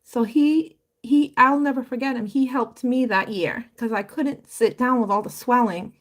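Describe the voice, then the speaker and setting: A woman's voice: on the high side, normal speed. Emotional woman rambling on a live stream. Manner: rambling, heartfelt, full of fillers and restarts. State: emotional, voice wavering. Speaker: livestreamer promoting a home business. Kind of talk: casual live-stream talk.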